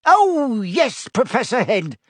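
Brief: man playing a gleeful, mock-respectful male poltergeist in a storybook, high, animated, dry close sound. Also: slow pace, dry recording, heavily acted. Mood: gleeful, oily. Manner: oily, mock-respectful, gloating.

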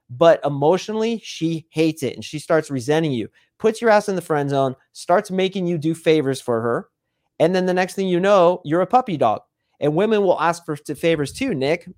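A man's voice: a little high, darkish tone, dry recording, clean studio sound. A man who is a dating coach, a podcast guest, explaining with confidence and acting out quoted dialogue.

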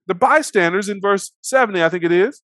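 Male preacher, slightly high voice, animated and dynamic delivery, dry close mic. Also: brisk, no room sound. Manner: animated, acts out voices of the characters; swings between loud and hushed. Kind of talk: sermon.

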